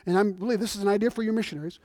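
A middle-aged man preaches with a notably high voice, animated and conversational as he tells stories. The sound is dry and close. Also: very fast, no room sound. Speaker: visiting missionary preacher. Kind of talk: sermon. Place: church.

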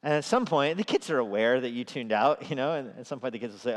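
In an echoey church sanctuary, an animated male pastor delivers a fast sermon. His voice climbs in pitch and loudness whenever he quotes scripture, and the hall's reverb colors the recording.

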